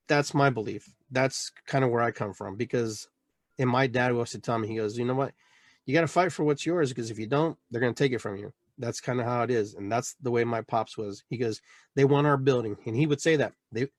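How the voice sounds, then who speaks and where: A man's voice: medium pitch, no echo. A middle-aged man from Peru hosting a podcast, talking in a rambling, emphatic way with many restarts. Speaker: podcast host. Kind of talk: casual monologue, town hall chat.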